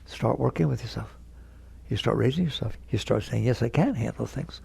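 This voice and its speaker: A man's voice: medium pitch, normal speed, vocal fry, darkish tone, husky. A man giving a spiritual lecture to an audience, speaking emphatically, repeating key words and acting out inner voices with a chuckle. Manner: acts out inner voices in quotes. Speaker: spiritual teacher.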